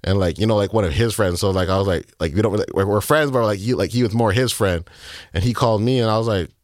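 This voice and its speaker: A man in his thirties, a music producer telling a personal story in an interview, speaking haltingly with many fillers and acting out what people said. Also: on the low side, no room sound, clean studio sound. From Canada. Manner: halting, filler-heavy, reenacts dialogue.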